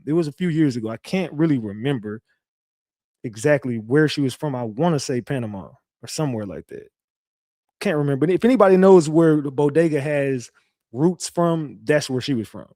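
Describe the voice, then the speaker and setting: Lively and a little fast, this man's dark, mid-range voice comes through dry and clean in studio sound. On his own online show, he rambles through profane, conversational stories for his audience.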